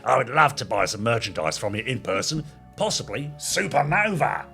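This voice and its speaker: A man's voice: mid-range voice, big pitch swings, moderate pace, gravelly, bright, forceful tone, faint music behind, heavily acted. A man putting on a broad, cheery Australian listener. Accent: Australian, exaggerated put-on. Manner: stereotyped sing-song delivery. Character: Australian male emailer, cheery.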